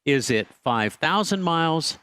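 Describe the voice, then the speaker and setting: A man's voice: a little high, expressive, unhurried, sharp tone, clear, resonant tone. A male radio host chatting on a home and garden show, recorded on a studio microphone. He talks in a loose, casual way and likes to tease his co-host and pose him trivia questions. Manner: teasing, quizzes his co-host.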